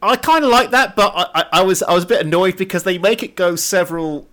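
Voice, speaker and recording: Male podcast co-host, jokey recapper, voice a little high. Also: fast. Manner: jokey, lively, breaks into laughs and silly voices. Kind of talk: casual film-review chat.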